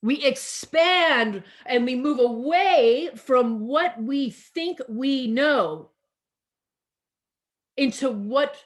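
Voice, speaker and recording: A woman pastor preaching a sermon over a video call, deliberate and repetitive, drawing out her key phrases for emphasis. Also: high voice, animated.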